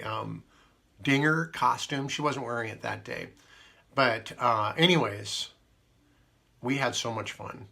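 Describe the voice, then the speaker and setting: Gravelly rambling man. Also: mid-range voice, pushed and bright. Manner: meandering, full of fillers and asides. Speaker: radio host. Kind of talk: rambling casual radio chat.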